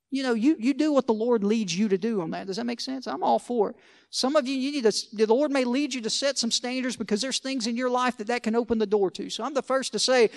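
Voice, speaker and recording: A male pastor delivers a sermon in a chatty, conversational way. His voice sits unusually high for a man. He keeps checking in with rhetorical questions and tossing off joking asides.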